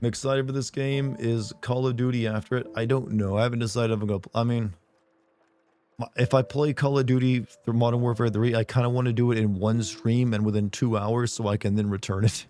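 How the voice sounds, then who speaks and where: A man streaming a game, chatting casually and joking, his voice hoarse from being sick. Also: medium pitch, fairly even intonation, dark tone. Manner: joking, chatty, quick laughs. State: hoarse from illness.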